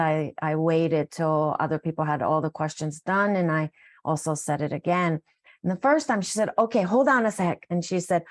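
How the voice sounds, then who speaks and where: A middle-aged woman, a wellness coach, telling a heartfelt, rambling story on a recorded live call, often restarting her sentences. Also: on the low side.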